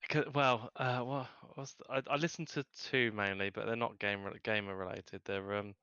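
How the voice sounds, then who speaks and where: A podcast co-host, feeling unwell, talks in loose, rambling bursts full of ums and false starts. His voice is bright and clean, recorded close and dry on a somewhat dull, lo-fi mic. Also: fairly low pitch, fairly even intonation, normal speed, clean tone, no echo. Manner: rambling, many fillers and restarts. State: unwell with a cold. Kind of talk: casual chat.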